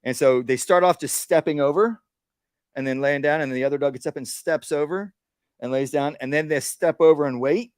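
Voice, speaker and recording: A man's voice: fairly high pitch, brisk, darkish tone, clean tone, no room sound, studio quality. A man, a dog trainer, giving a casual workshop talk outdoors and acting out what dogs and owners say.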